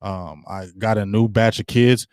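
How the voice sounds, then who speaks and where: A man's voice: fairly low pitch, fairly even intonation, measured pace, darkish tone, no room sound, clean studio sound. A middle-aged man hosting a sports talk show, ranting with heat and slang to his live viewers. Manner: fired-up, ranting, slangy and repetitive. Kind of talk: passionate sports rant to a live chat.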